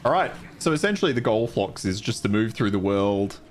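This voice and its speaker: A man's voice: fairly low pitch, animated, fairly quick, a little hiss or hum. Chatty streamer guy greeting viewers. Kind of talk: casual gameplay livestream.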